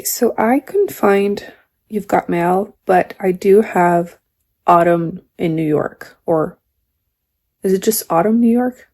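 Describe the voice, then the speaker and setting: Woman vlogger, casual home chat, light vocal fry, camera mic. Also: medium pitch, darkish tone. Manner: chatty, talks baby talk to her cat. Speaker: book vlogger. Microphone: camera mic, no external mic.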